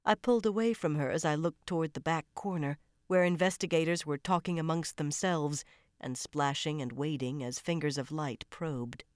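Low-voiced woman narrating a tense thriller. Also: moderate pace, clean tone, no room sound, studio quality. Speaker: audiobook narrator. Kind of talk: first-person audiobook narration.

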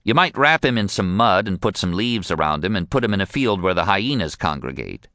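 A man voicing a sleepy, laid-back male witch doctor taking a late-night phone call, in a drowsy deadpan manner. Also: low voice, brisk, no room sound, studio quality, full character voice.

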